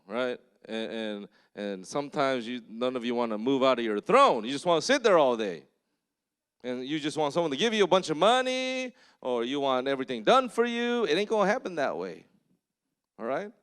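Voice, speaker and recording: With a clean, mid-range voice, a male pastor preaches in a conversational way, mixing stories with blunt exhortation and frequently checking in with the congregation.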